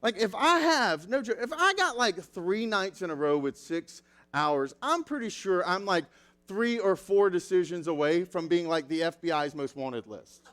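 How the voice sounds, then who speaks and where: Man, thirties, pastor: bright high voice, loose chatty sermon, lots of "like" fillers. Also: animated, normal speed. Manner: chatty, self-deprecating, filler-heavy. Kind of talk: casual sermon with personal stories.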